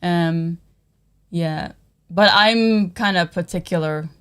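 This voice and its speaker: A young woman from the Netherlands, talking in a casual livestream chat, soft-spoken and thoughtful. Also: fairly low pitch, slow, clean tone. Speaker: co-host, partner.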